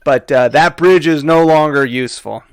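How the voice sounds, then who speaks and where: A man's voice: fairly high pitch, moderate pace. A man running a tabletop game as dungeon master, laid-back and laughing often as he narrates.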